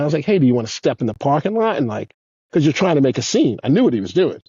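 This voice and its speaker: A man in his fifties, a guest on an interview show, telling rambling, profane stories in a casual, animated way. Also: a little high, quick pace, gravelly, husky, no room sound, lo-fi sound. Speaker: guest, former pro skateboarder. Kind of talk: casual storytelling.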